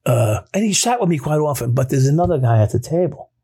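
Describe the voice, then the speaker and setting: A man's voice: a little high, very animated, fast, mellow. A man hosting a podcast, chatting casually and telling a prison story. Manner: gravelly, affirming, storytelling. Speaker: podcast host. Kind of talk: casual chat. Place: podcast studio.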